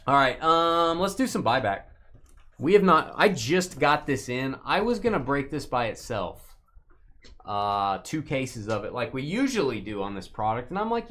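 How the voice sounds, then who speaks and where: A man's voice: mid-range voice, very animated, moderate pace, fairly bright tone. A man hosting a live sports card break stream, chatting casually with playful, rambling jokes. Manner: playful, rambling, jokey asides while opening packs.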